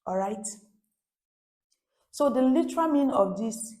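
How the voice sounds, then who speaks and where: A woman leads a beginner French lesson at an unhurried pace, her voice mellow and warm. She keeps repeating phrases and checking in with her viewers through rhetorical questions. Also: fairly high pitch, animated. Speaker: French teacher.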